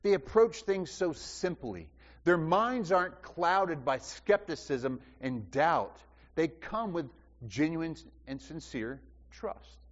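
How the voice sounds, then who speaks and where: A man's voice: a little high, animated, slow. A man preaching a sermon, asking the congregation questions and repeating phrases for emphasis. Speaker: pastor. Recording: dull sound with long hall reverb.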